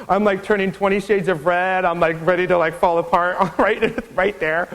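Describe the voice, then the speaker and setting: A man's voice: normal speed, hardly any pauses, long reverb tail, poor audio. A man in his thirties from Iowa giving a university lecture, telling stories and acting out the people in them with big jumps in his voice. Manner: animated, acts out quoted voices with big pitch jumps. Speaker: guest lecturer. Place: lecture hall.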